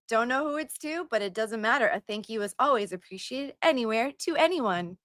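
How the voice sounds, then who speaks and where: A woman hosting a casual livestream, chatting warmly with viewers and reading their comments aloud. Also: a little high, lively intonation, moderate pace, hardly any pauses, no room sound, studio quality. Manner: gushing and chatty, sings little filler tunes. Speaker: livestream host.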